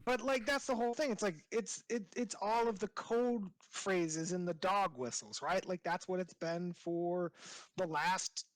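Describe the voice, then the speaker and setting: A podcast co-host chatting casually about the news with a sarcastic, animated delivery. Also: medium pitch, unhurried, no echo, poor audio. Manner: sarcastic, animated storytelling with mocking put-on quotes. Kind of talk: casual opinion chat.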